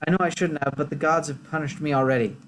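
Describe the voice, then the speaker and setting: A man's voice: fairly high pitch, steady tone, quick pace, a bit bright, slight background noise, lightly acted. A man voicing an ailing male peasant in a game, pleading in a raised, whiny voice. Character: ailing male peasant who sat on spikes.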